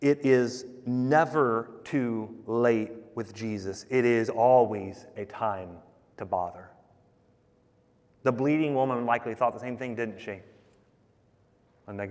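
A man's voice: medium pitch, takes it slowly, pauses often, a little mellow. A man preaching a sermon, conversational and emphatic, talking to the congregation as guys. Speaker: pastor. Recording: long hall reverb.

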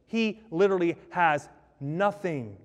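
A male pastor preaches with emphasis and keeps throwing rhetorical questions to his listeners. His fairly high voice rings out with a long reverb tail in a large hall. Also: expressive, a little slow. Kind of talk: sermon.

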